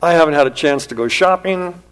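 A frazzled young housewife on the verge of tears, as a preacher plays her in a sermon story. The voice rides high above his own, and she rattles off her troubles in a rushed, pleading way. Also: clean tone, close to an everyday voice. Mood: distressed.

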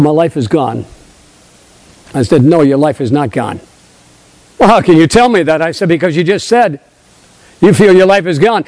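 An older male preacher with a high, pitched-up voice delivers an emphatic sermon. He swings between ringing declarations and quiet, low asides, repeating phrases and asking the congregation to answer back. The sound is dry and close, with little room echo.

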